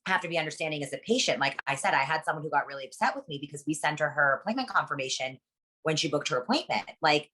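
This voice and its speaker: Woman talking super fast, kinda low voice, blunt and swears a lot, keeps going "you know what im saying". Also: a little hiss or hum. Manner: rapid, animated, peppered with "like" and "you know what I'm saying". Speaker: surgery practice patient coordinator. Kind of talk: casual interview chat.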